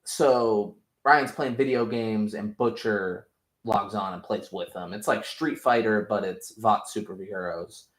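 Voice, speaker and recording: A young man recaps a show in a loose, rambling way, full of swearing and excitement. His voice sits on the low side. The room around him gives a roomy echo. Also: unhurried. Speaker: podcast host. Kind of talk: casual recap review.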